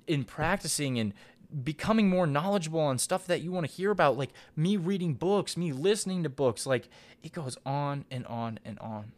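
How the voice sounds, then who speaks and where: A young man in his twenties hosts his own podcast, delivering a casual, earnest monologue that rambles and keeps restarting. His voice is on the high side and animated, at a moderate pace.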